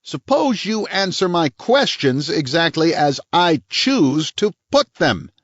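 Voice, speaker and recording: A man's voice: on the high side, sing-song, takes it slowly, a bit bright, no echo, lo-fi sound, pitched above the performer's own voice, full character voice. A man voicing a hard, bullying small-town police chief who snaps his questions.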